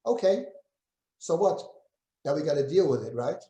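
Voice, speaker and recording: A rabbi leads a Bible class in a mellow male voice, moving at a moderate pace with big swings in pitch. He reads Hebrew verses aloud, translates and comments on them, and shifts his pitch to act out the people being quoted. It's a lecture built on close reading of the text, recorded in an echoey room.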